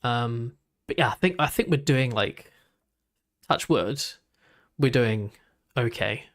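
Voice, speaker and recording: A man's voice: medium pitch, slow. A young man, chatting casually while reacting to videos, rambling with lots of "like" and restarts.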